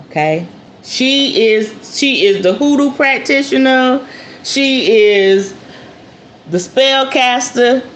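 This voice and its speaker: Slow, chatty woman host. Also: a little high, lively intonation. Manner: chatty, addresses viewers as y'all. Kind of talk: casual show-and-tell talk to viewers. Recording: roomy with faint background noise.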